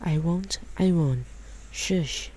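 A woman reading the lines of a brave young boy who gives urgent, hushed commands. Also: on the low side, drawn-out words, husky, heavily acted, rough recording.

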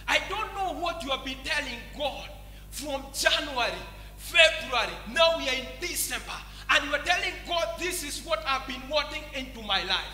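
Kenyan pastor preaching, high tense voice, echoey church hall, keeps saying praise lines. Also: male voice, lively intonation, moderate pace, bright, forceful tone, faint music behind. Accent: Kenyan English. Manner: preaching with repeated praise refrains. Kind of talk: sermon.

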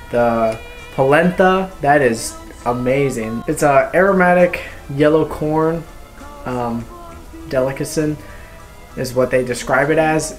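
Guy gushing about a restaurant in his vlog, joking around, mid voice, quiet music under it. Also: medium pitch. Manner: enthusiastic, gushing, playful asides. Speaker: restaurant reviewer. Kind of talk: casual food review vlog.

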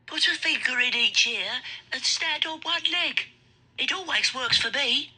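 A woman's voice: sits high, expressive, measured pace, pushed and bright, exaggerated voice. A woman voicing a cheerful young friend offering advice in a puppet show. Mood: helpful.

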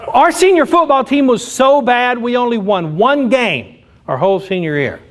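A man's voice: extremely high pitch, lively intonation, moderate pace. A man doing a conversational stand-up comedy set, laughing at his own punchlines. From Oklahoma. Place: comedy club stage with live audience. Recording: live club recording with audience laughter.

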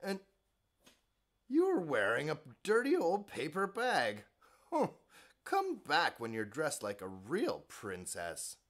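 Guy doing a vain storybook prince, mocking tone, wide swings in pitch. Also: huge pitch swings, slow pace, a bit bright, heavily acted. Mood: sneering. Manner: sneering, mocking. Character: snobbish, vain young prince. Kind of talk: storybook reading.

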